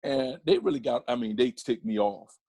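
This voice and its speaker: A man talking as a podcast guest in a casual interview, an animated storyteller who often restarts his sentences. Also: mid-range voice, moderate pace, creaky, no echo. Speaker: podcast guest, comedian and photographer.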